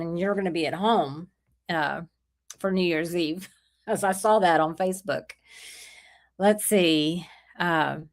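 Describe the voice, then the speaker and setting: A woman's voice: medium pitch, a bit bright. A middle-aged woman with a sore throat, hosting a casual livestream and chatting through viewer comments. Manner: chatty, rambling, greets viewers by name. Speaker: livestream host.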